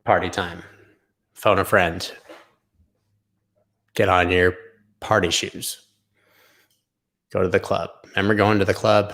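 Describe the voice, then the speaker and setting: A man's voice: low voice, level tone, slow, gravelly, pauses often, fairly bright tone. A man hosting a live crypto charting stream, rambling sarcastically with tangents and the odd swear. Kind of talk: casual live-stream commentary.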